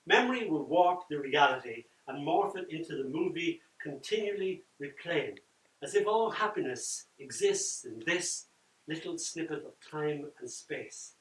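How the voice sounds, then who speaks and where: An older man reading his poems at a launch, dramatic, swinging from loud lines down to near-whispers. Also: a little high. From Ireland. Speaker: poet. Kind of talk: live poetry reading with chat. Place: event room at a book launch. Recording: roomy echo from far off.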